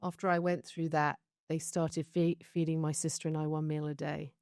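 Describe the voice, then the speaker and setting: With a low-pitched, darkish voice that barely moves in pitch, a British woman from London talks at normal speed in a clean, echo-free studio recording. The show creator reflects candidly on her life story in a chatty interview, breaking into laughs between anecdotes.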